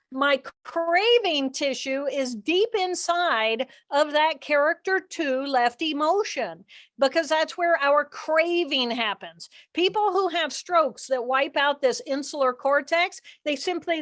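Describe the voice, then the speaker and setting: An older woman giving an animated, expressive teaching talk outdoors by the water, acting out inner voices as she explains. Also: sits high. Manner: expressive, acts out inner voices with dramatic shifts. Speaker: guest speaker, neuroanatomist.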